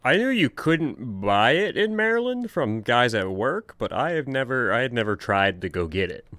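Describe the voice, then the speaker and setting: A man's voice: medium pitch, very animated, moderate pace, fairly bright tone, dry recording. A man co-hosting a podcast, chiming in casually with short, laid-back remarks. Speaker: podcast co-host. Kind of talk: casual chat.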